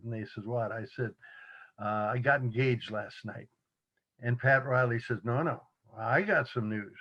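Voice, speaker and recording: An older man in his seventies spins a yarn with easy, chuckling energy, mimicking the people in his story. His voice sits at an average pitch. The recording sounds a little dull and muffled. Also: measured pace. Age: 70s. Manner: chuckling, animated quoting of others. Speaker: interview guest. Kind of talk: casual storytelling.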